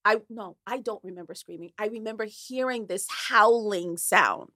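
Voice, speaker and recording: Bright-voiced woman telling a story. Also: mid-range voice, moderate pace, no echo, clean studio sound. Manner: animated, dramatic, acts out voices in her stories. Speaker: guest. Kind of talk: candid personal storytelling.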